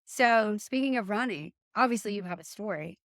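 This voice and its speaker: A woman's voice: mid-range voice, moderate pace, a bit bright, no echo, clean studio sound. A woman hosting a podcast interview, eager and encouraging, with many short sounds of agreement. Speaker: podcast host. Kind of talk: casual interview chat.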